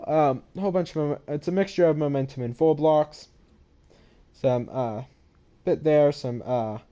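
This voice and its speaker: A young man who hosts a gaming channel casually tours his own game maps through a headset mic, his voice warm, fairly high, and at a normal pace. He rambles sleepily, yawning and apologizing as he goes.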